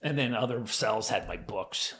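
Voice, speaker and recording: A man's voice: fairly low pitch, animated, normal speed, vocal fry, fairly bright tone. Earnest man from New Jersey telling his story. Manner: casual and earnest, with frequent fillers and acted-out quotes. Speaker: podcast guest. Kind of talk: telling his life story in a podcast interview.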